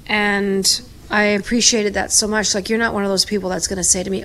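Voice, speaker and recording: A woman's voice: medium pitch, quick pace, hardly any pauses, a little hiss or hum. A woman co-hosting a podcast, telling stories in casual chat and acting out what others said. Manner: animated storyteller, acts out quotes. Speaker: podcast co-host.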